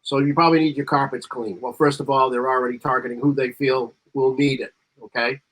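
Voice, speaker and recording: A man's voice: medium pitch, fairly even intonation, brisk, a bit bright. A man on a marketing panel talking casually and rambling, reading bits of ad copy aloud with extra emphasis. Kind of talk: casual chat.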